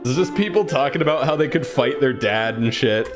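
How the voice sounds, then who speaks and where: A man's voice: mid-range voice, expressive, a little fast, music in the background. A man joking offhandedly during a gaming session. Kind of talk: casual gaming banter.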